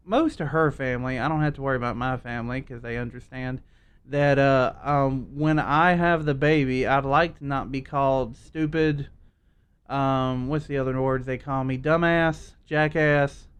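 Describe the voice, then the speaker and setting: A young man talks in a loose, rambling way, cussing freely and laughing at himself mid-sentence. His pitch sits in the everyday middle for a man, and he co-hosts a casual podcast. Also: a little slow, smooth. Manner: rambling, swears freely, self-mocking laughter. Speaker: podcast co-host. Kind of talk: casual chat.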